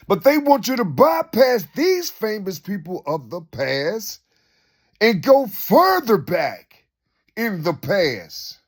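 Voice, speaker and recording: A man talks slowly in a wandering spoken monologue, circling back on his own phrases and asking his listener question after question. His voice sits high and swings widely up and down as he works through each thought. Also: big pitch swings, slightly rough. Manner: rhetorical questions, repeats himself; unscripted, loose and conversational. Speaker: speaker sharing reflections.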